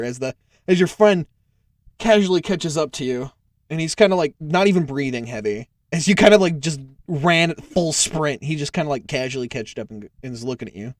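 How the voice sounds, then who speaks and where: A man's voice: on the high side, expressive, a little fast, dry recording, clean studio sound. A young man running a tabletop game as game master, narrating in a casual, filler-heavy way with cursing.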